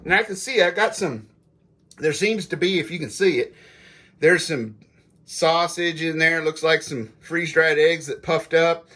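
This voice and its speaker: A man's voice: a little high, measured pace, bright, forceful tone. A middle-aged man hosting a casual food review vlog, chatting folksily to his viewers while he tastes food. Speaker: prepper channel host.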